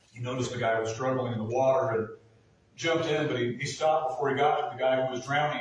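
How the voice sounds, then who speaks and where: A male pastor delivers a sermon in an earnest voice that swells to emphatic peaks. His voice is of middling pitch and is picked up from a distance, so it rings with heavy reverb in a large room with faint ambience behind it. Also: a little hiss or hum. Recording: echoey room from far off.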